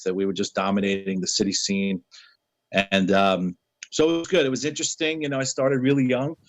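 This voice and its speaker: New man telling a lively story. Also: mid-range voice, dry recording, poor audio. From New York City. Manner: animated anecdotes, acting out quoted dialogue. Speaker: interview guest. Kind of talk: casual storytelling.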